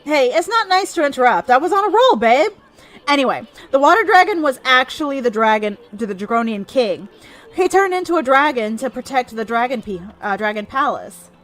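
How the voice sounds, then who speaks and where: A woman voicing a tiny brash male sidekick in a video game, with a loud, teasing, boastful manner. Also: high voice, very animated, fairly quick, poor audio. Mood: bickering.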